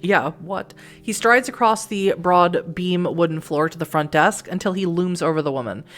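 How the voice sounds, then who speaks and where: A chatty woman from Massachusetts reads a text game aloud, breaking off for quick asides and frequent laughs. Her voice sits fairly low for a woman. Soft music plays faintly in the background. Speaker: let's play host.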